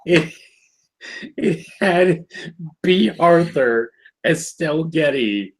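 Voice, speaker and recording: On a casual review podcast, a male co-host discusses a cartoon episode in a laid-back, hesitant way, full of fillers. His voice is a little high and expressive but very slow, and the recording quality is low.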